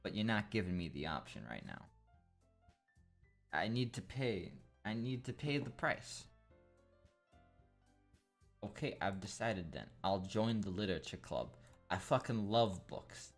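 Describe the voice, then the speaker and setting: Deep-voiced crude rambling young man. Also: expressive, a little slow, long pauses, faint music behind. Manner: crude, rambling, jokey, swears a lot. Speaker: gameplay commentator. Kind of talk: casual gameplay commentary.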